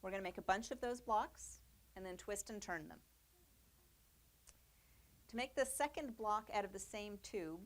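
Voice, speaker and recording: Expressive and mid-range, this woman's voice moves at a moderate pace as she demonstrates quilting in a relaxed studio lesson. She chats brightly, using fillers and little laughs along the way.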